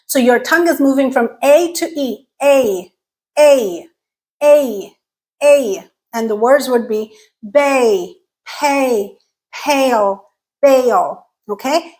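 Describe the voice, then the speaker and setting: Slow, high-voiced woman teaching pronunciation. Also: rough recording. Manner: drills sounds slowly, often checks in with "okay?". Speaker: English accent teacher. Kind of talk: pronunciation lesson.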